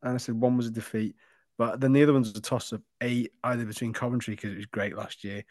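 A man's voice: medium pitch, steady tone, fast, a little mellow, no room sound, clean studio sound. A man co-hosting a casual football podcast who tells his stories in a chatty, swearing manner. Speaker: podcast co-host. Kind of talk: casual chat.

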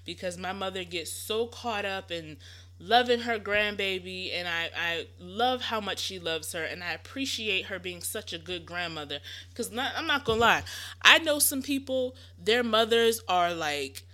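A woman's voice: medium pitch, lively intonation, moderate pace, sharp tone. A young woman, hosting a podcast and giving casual, reassuring parenting advice with lots of fillers. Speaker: podcast host.

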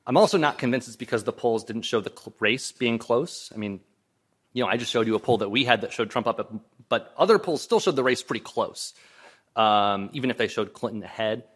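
This guest lecturer's voice sits at medium pitch, slightly bright with a breathy edge, and his intonation is lively at a somewhat quick pace. Giving a public lecture in a lecture hall and answering the audience, he hedges thoughtfully with many restarts and "um"s, briefly sounding strained.

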